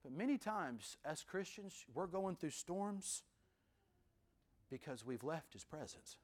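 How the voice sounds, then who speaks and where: A man preaching a sermon as pastor, with rhythmic repetition and sudden drops from loud to hushed. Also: a little high, sing-song, takes it slowly.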